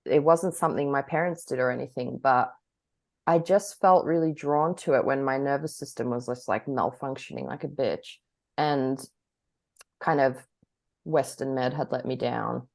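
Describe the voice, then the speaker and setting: Low-voiced woman chatting candidly. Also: normal speed, gravelly, darkish tone. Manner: candid, rambling, laughs often. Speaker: podcast co-host. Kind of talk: casual chat.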